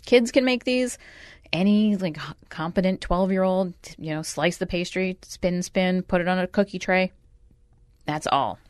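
A woman hosts a radio show, chatty and wry, full of asides. Her voice sits on the low side. The studio sound is dry and close. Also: unhurried, darkish tone, no room sound. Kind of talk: casual radio chat and recipe tips.

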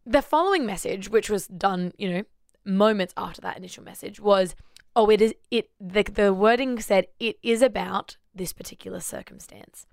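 A woman's voice: mid-range voice, normal speed, gravelly, dry recording, studio quality. A woman co-hosting a faith podcast, telling a personal story in casual chat with frequent laughs. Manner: animated storytelling, laughs often. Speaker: podcast co-host.

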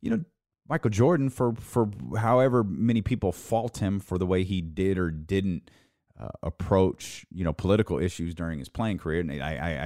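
A man's voice: sits low, darkish tone, no echo, studio quality. A man hosting a solo sports talk show, speaking in a casual, opinionated way with wry, exasperated asides. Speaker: sports talk podcast host.

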